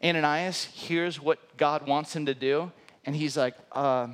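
A man's voice: a little high, steady tone, unhurried, fairly bright tone, clean tone. A man in his thirties preaching a sermon as a pastor, telling a personal story and acting out the quoted dialogue.

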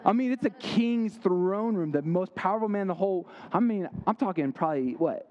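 Energetic man preaching to a youth crowd. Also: high voice, a little fast, muffled recording. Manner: energetic, quizzing the audience, playful asides. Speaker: youth camp speaker. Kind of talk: interactive sermon.

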